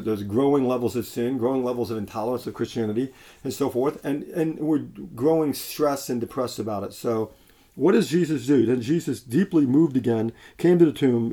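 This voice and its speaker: A man's voice: medium pitch, dark tone. A man preaching a sermon in a conversational way, with frequent restarts and fillers.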